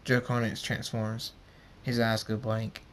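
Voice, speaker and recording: A man narrating his own pony fan story in a plain, unhurried reading voice. He stumbles now and then over words, and a faint rumble sits behind him. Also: monotone, fairly bright tone.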